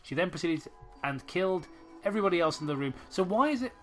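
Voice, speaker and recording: A man's voice: high voice, lively intonation, quick pace, faint music behind. A man reading a story aloud as a podcast host, sarcastic and swearing as he rants about it. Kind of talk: comedic story reading and commentary.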